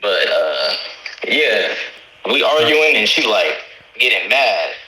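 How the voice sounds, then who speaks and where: A man's voice: lowish voice, sing-song, takes it slowly, bright, forceful tone, reverberant, rough recording. A man calling in, telling a long story about his girlfriend in a rambling, profane, casual way. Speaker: caller.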